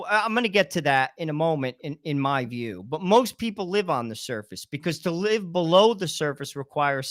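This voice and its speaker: A man co-hosting a political talk show, explaining his views in a deliberate, lecturing way. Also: fairly high pitch, fairly bright tone, no echo, studio quality. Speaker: co-host.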